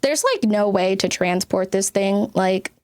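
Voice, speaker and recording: A woman streamer telling a rambling story to her chat, swearing freely, full of filler words, and jumping in pitch for emphasis. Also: a little slow. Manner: animated, jumps between pitches for emphasis.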